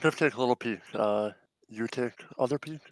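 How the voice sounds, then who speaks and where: A man voicing a kobold fighter who speaks in broken, halting phrases, in a home tabletop game session. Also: medium pitch, no room sound, close to an everyday voice, poor audio. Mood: cautious. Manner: broken, halting caveman-like speech. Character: simple-spoken male kobold fighter.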